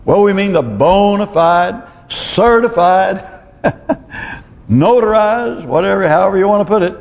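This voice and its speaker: A man preaching in a church, his fairly high voice carried by a long, ringing reverb. He talks conversationally, posing questions and clearing his throat often. The recording sounds muffled and dull. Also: expressive, a little slow. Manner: conversational preaching, rhetorical questions, chuckles to himself. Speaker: pastor. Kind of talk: sermon.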